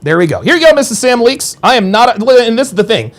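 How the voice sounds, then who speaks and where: High gravelly guy ranting on his stream, cussing out the chat, voice jumps all over. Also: big pitch swings, fast. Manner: combative and profane, swings between low mutters and sharp high outbursts. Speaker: podcast host reading live chat. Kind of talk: live-stream commentary.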